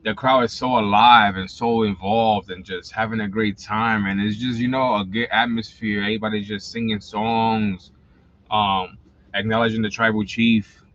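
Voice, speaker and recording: Blunt Bronx man, forties, bright voice. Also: fairly low pitch, level tone, moderate pace, lo-fi sound. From New York. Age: 40s. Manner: rambling, blunt, slangy, swears freely. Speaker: livestream host. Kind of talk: casual livestream chat.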